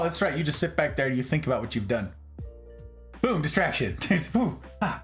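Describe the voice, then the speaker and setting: A man hosting a late-night livestream from home, chatting playfully and warmly with his viewers and talking straight to them. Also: a little high, normal speed, faint music behind. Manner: playful, animated, talks straight to chat. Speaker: livestream host.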